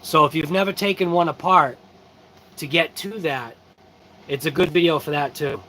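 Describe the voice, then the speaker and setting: Sleepy, high-voiced man chatting casually. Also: moderate pace, bright, forceful tone, slight background noise, poor audio. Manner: tired, yawning, laid-back and chatty. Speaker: RC channel host. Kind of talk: casual live-stream chat.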